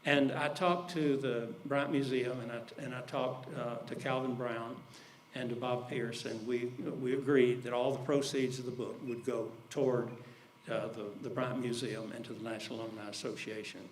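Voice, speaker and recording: An older man, telling folksy stories in a speech and dropping his voice low when he quotes others. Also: little pitch movement, normal speed, slight background noise. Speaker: speaker at an alumni event. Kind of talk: storytelling speech.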